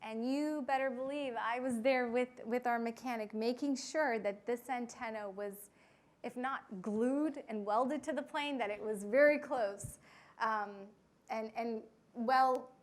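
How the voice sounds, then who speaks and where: A young woman pilot telling a flying story to an audience, with frequent fillers and lively quoted voices. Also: a little high, measured pace. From United States. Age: young adult. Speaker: pilot giving a talk.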